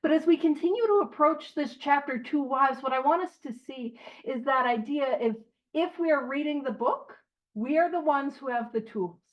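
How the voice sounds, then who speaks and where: High-voiced woman, study-group leader, chatty and joking, dull lo-fi recording. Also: moderate pace. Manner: chatty, joking, reads passages aloud. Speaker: big book study leader. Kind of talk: casual recovery study talk.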